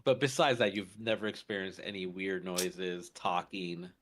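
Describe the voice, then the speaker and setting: A man's voice: deep voice, steady tone, unhurried. A man co-hosting a podcast, telling a story in casual chat with lots of fillers and restarts. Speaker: podcast co-host.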